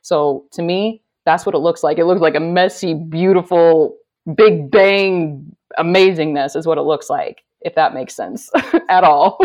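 A woman's voice: low-pitched, a little slow, darkish tone. A woman guest speaking about self-love in an emphatic, heartfelt way, with frequent "like" fillers. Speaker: podcast guest. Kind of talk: spiritual self-help conversation.

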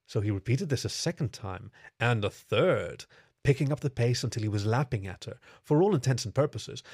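A man reading a story aloud in steady, even scripted narration. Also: medium pitch, no room sound, studio quality.

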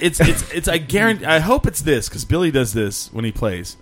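A man co-hosting a podcast, telling an animated story in casual chat and mimicking singers. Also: on the high side, normal speed. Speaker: podcast co-host.

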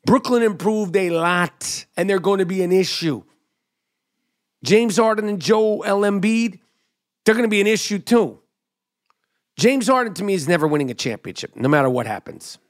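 A middle-aged man hosting a podcast, giving an animated, emphatic sports commentary monologue into a studio mic. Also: high-pitched. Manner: animated, emphatic, drops to mock whisper. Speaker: podcast host.

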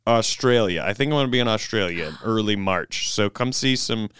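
A man's voice: on the low side, fairly quick, fairly bright tone, clean tone, dry recording, clean studio sound. A man co-hosting a comedy podcast, chatting playfully with lots of fillers and hesitations. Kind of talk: casual comedic chat.

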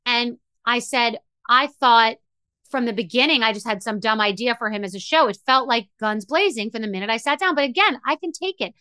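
A middle-aged woman hosts a podcast in a candid, emotional monologue, rambling and restarting as she goes. Her voice is bright and forceful, sitting slightly high. The recording is dry and close. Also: brisk, clean tone, no room sound. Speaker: podcast host.

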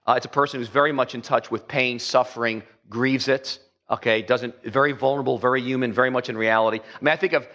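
A man's voice: medium pitch, steady tone, fast, few pauses, a bit bright, lo-fi sound. A man preaching a conversational sermon as a pastor, rambling with many fillers and acting out quotes.

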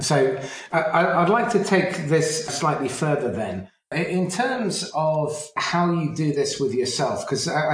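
Man asking probing questions in a roomy space. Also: medium pitch. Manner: thoughtful, probing. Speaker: podcast host. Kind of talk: interview questions. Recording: roomy echo.

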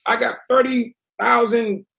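Guy doing a huffy kitchen boss yelling, high and loud. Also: steady tone, a little slow, gravelly, heavily acted. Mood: indignant. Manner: indignant shouting. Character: irate male prison kitchen director, blustering.

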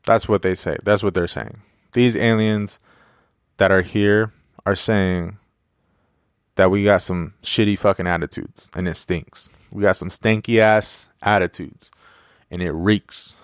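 A man's voice: on the low side, fairly even intonation, a little slow, smooth, dry recording, clean studio sound. A man hosting a casual solo podcast, rambling and joking with plenty of profanity and fillers. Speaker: podcast host.

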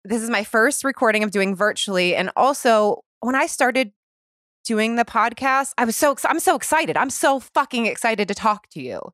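A woman's voice: fairly high pitch, expressive, moderate pace, a bit bright, dry recording, clean studio sound. A woman in her thirties hosting a podcast, talking animatedly and openly, with swearing and laughter. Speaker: podcast host. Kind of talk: casual chat.

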